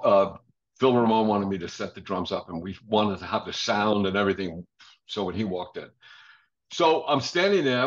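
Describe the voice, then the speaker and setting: An older man, a drummer guest in an interview, telling stories animatedly, acting out quoted voices and laughing often. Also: fairly low pitch. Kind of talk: casual interview storytelling. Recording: dull lo-fi audio.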